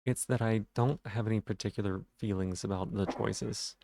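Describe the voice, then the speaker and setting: A man's voice: on the low side, steady tone, normal speed, creaky, warm tone, no room sound, studio quality. A man streaming a game live, chatting casually with his viewers in a rambling, self-deprecating way, and stuttering on some words.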